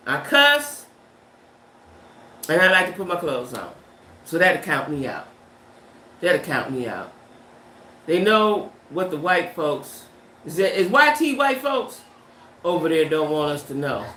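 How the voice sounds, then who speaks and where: A woman's voice: mid-range voice, sharp tone, echoey room. A woman hosting a livestream in casual, emphatic chat, firing off rhetorical questions and slang. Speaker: livestream host. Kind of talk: casual chat reading viewer comments.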